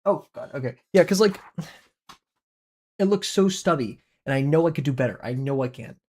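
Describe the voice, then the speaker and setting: A man's voice: a little high, expressive, moderate pace, a little mellow. A young man chatting casually on a livestream while he draws, rambling, talking to himself, and swearing playfully. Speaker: art streamer.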